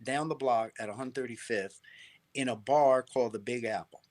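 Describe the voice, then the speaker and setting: A middle-aged man speaks as an interview guest with a mid-range voice. He tells his stories with energy and often restarts his phrases. He keeps pulling the listener in with a quick "right?". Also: medium pitch. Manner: animated storyteller, repeats and restarts phrases, checks in with "right?". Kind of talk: casual interview storytelling.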